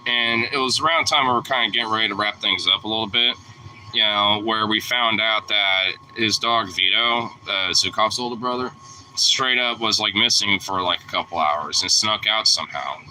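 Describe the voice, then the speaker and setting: A man's voice: on the low side, normal speed, bright, forceful tone, a little hiss or hum, poor audio. A young man vlogging, telling a rambling, profane story in casual chat, full of filler words.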